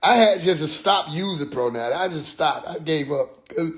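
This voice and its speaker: Slightly high-voiced and speaking at a moderate pace, a young man hosting a podcast recounts a story in a casual, animated, profane way, now and then voicing the other people in it.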